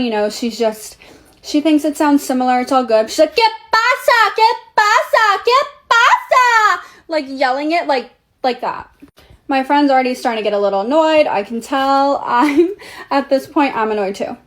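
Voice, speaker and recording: A young woman whose first language is Portuguese, telling a casual story in a blunt, profane, animated way. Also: high voice, normal speed.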